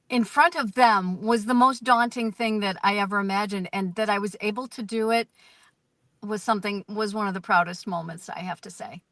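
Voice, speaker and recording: An American woman telling lively, self-deprecating stories as the guest in an interview, speaking from a parked car. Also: mid-range voice, no echo. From United States. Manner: animated, self-deprecating, storytelling. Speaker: guest performer. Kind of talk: casual interview.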